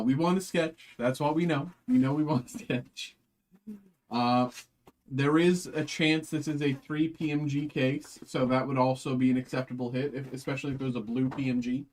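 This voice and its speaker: A man with an ordinary mid-range voice hosts a live card break. He chats casually and rambles, with plenty of fillers and restarts. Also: medium pitch. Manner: chatty, rambling, lots of fillers.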